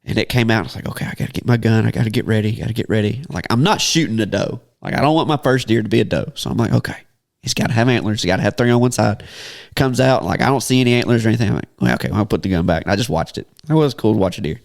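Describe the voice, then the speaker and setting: A man's voice: lowish voice, animated, rapid-fire, gravelly. Chuckling man telling a story. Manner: laughs often while telling a story. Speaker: podcast host. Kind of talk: casual storytelling chat.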